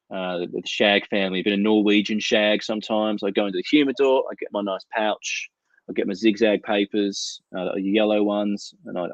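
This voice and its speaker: Calling in from a desert home, this comics chat show co-host tells rambling, profane stories in a casual video call conversation. His voice is lowish, and the recording is dry, with dull, lo-fi call audio.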